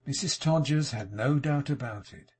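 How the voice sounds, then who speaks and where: A man with a medium-pitched voice narrates a classic novel as an audiobook, reading the script in a measured, even way.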